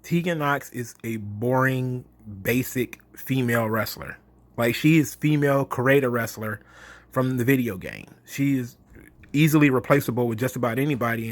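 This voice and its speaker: A man's voice: medium pitch, normal speed, dry recording. A man ranting in a mocking, exasperated, profane monologue about wrestling. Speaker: wrestling commentary host.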